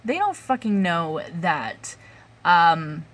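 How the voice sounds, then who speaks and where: A woman's voice: on the low side, big pitch swings, slow, a bit bright. A young adult woman vlogging an angry rant, swearing often and breaking off with fillers and sighs.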